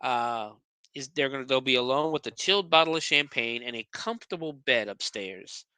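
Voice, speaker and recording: A man's voice: mid-range voice, moderate pace, sharp tone, clear, resonant tone, dry recording. A man hosting a podcast, recapping a movie scene by scene in a casual, profane, sarcastic way, often stumbling over his words.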